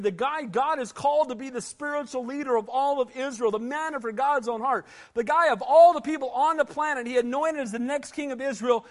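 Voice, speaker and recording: A man preaching a sermon in a conversational, emphatic way, often asking the room for an amen. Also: very high-pitched. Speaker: pastor.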